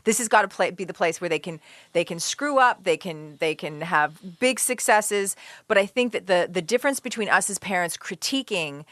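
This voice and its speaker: A woman's voice: lowish voice, animated, normal speed, a bit bright, dry recording. A woman co-hosting a podcast, speaking thoughtfully and offering parenting advice. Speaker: podcast co-host. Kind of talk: casual chat.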